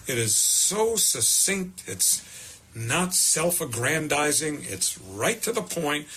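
An older man, a veteran baseball broadcaster telling stories in an interview, measured and warmly reflective. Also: a little high, slight background noise. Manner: measured, animated when quoting himself.

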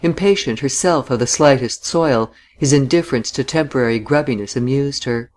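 Measured audiobook narrator. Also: medium pitch, darkish tone. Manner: measured literary reading. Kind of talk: scripted narration.

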